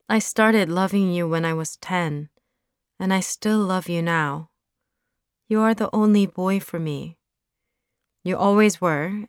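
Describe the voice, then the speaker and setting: A woman's voice: lowish voice, clean tone, no echo, studio quality, close to an everyday voice. A woman voicing a lovesick teenage girl who speaks with emotion and pleading in a storybook reading.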